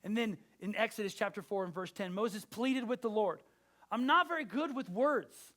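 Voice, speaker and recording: A man's voice: sits high, moderate pace, bright, forceful tone. A man preaching a sermon as pastor, exhorting his listeners directly and with emphasis.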